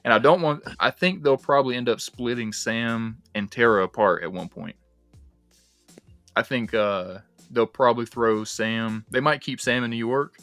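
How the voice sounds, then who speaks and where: Animated young man hosting a livestream. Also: mid-range voice, moderate pace, no room sound, faint music behind. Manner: animated, swears freely, rambling with fillers. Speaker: livestream host. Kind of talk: casual movie discussion.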